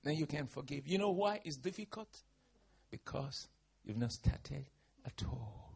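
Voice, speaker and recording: A man preaching a fervent sermon, moving between hushed passages and shouted exclamations. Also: a little high, expressive, unhurried, creaky, husky. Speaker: pastor.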